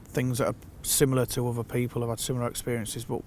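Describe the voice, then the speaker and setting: A man telling a fishing anecdote in a casual, animated way, acting out the quotes. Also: medium pitch, fast, a little hiss or hum. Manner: animated storyteller who acts out quotes. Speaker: fishing consultant.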